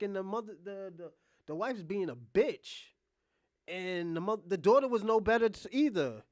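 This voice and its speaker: A man's voice: sits high, moderate pace, dry recording, studio quality. A man hosting a podcast, casually retelling a story in a rambling, profane way with many fillers and restarts. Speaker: podcast host.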